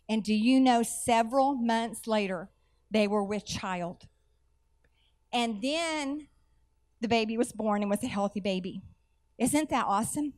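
Animated woman telling church stories. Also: fairly high pitch. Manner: animated storytelling, folksy asides. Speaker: church speaker. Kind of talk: sermon with personal stories.

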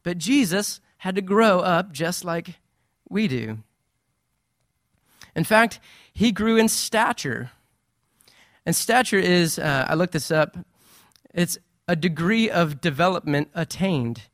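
Man preaching in a lively, conversational way. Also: sits high, slow pace, long pauses, no echo, studio quality. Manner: conversational, animated preaching with playful asides. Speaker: pastor. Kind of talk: sermon.

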